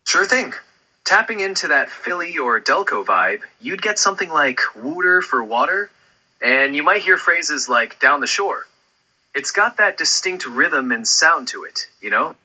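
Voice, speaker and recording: Bright, breathy AI voice, male. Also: fairly high pitch, sing-song, measured pace, poor audio. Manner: smooth, friendly and upbeat, ends turns with questions. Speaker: AI voice assistant. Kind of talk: conversational AI chat.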